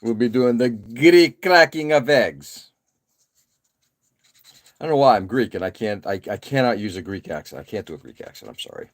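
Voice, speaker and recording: A man's voice: mid-range voice, normal speed. A man in his forties hosting a live stream, chatting casually and rambling with many fillers while he works on a model kit. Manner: relaxed, rambling, frequent uh fillers and self-deprecating asides. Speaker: live stream host building model kits. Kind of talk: casual chat while working.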